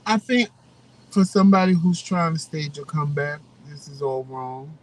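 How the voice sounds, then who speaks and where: A man co-hosting a casual chat, giving his views in a flat, matter-of-fact way. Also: a little high, normal speed, no room sound, distant mic, poor audio. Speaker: co-host.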